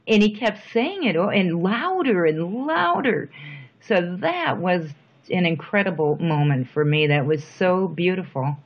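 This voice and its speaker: A woman's voice: lowish voice, sing-song. Reflective middle-aged woman, dull recording. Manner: soft-spoken, reflective, thoughtful pauses. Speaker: interviewee. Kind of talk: reflective personal interview.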